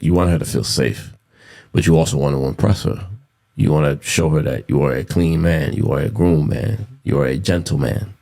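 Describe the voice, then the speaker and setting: Blunt, low-voiced podcaster man with gravel. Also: mellow. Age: 30s. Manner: blunt, profane, repeats himself for emphasis. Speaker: podcast host. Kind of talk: casual solo podcast monologue.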